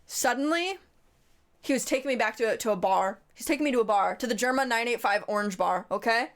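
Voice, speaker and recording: A woman's voice: a little high, brisk. A woman streamer giving comedic livestream commentary, reading slides aloud in a playful, rambling way and jumping into goofy bits.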